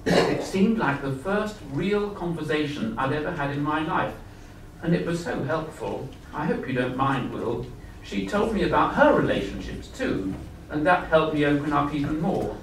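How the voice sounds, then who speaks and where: A man's voice: fairly high pitch, expressive, normal speed. Earnest man reading a story aloud. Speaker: author reading his story. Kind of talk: live reading of a first-person story. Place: festival event hall. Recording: echoey hall, far mic, background noise.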